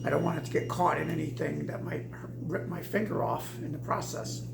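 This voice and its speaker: A woman's voice: low voice, fairly even intonation, fairly quick, creaky, roomy sound, background noise. A woman casually telling a personal story in a rambling way, with many restarts and repeats.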